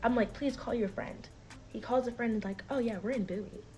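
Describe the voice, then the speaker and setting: A woman's voice: fairly high pitch, fairly quick, faint music behind, rough recording. A young woman telling a personal story in a casual vlog, acting out the people she quotes and saying "like" a lot. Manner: animated, acts out quoted voices, filler-heavy "like". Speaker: storyteller recounting a personal dispute.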